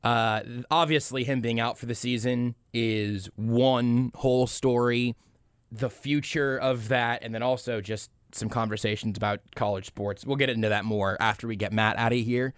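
A young man hosting a sports talk radio show in a studio, joking and quick to laugh. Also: medium pitch, steady tone, smooth, dry recording. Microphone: studio mic.

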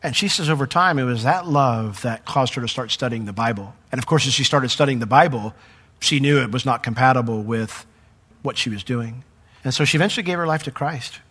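Animated man preaching a sermon. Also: medium pitch, fairly quick, husky. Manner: animated storyteller, voice jumps up when acting out the crowd; drops to a soft, hushed tone for personal testimony. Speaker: pastor.

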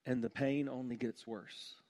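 A man preaching a sermon with passion, dropping to a hushed voice on heavy points. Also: mid-range voice, little pitch movement, a little slow. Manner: impassioned, drops to a hush on heavy points. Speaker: pastor.

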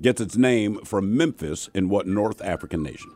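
A man's voice: lowish voice, animated, moderate pace, darkish tone. Jokey, teasing man hosting a radio quiz, voice bouncing up and down. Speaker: radio host.

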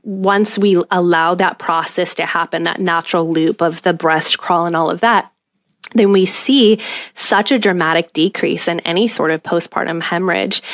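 A woman's voice: fairly low pitch, no echo, clean studio sound. A woman who works as a home birth midwife, speaking earnestly and passionately as a podcast guest, sometimes dropping to a whisper for emphasis. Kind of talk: podcast interview.

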